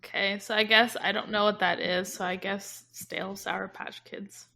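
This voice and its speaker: A woman's voice: medium pitch, level tone, normal speed, gravelly, sharp tone. A woman co-hosting a podcast in casual chat, giggly and playful. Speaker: podcast co-host.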